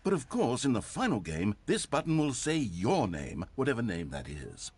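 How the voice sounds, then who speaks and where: A man's voice: mid-range voice, huge pitch swings, moderate pace, darkish tone, slightly rough. A man voicing a wry adult male video game narrator who talks in a dry, mock-sincere, teasing way.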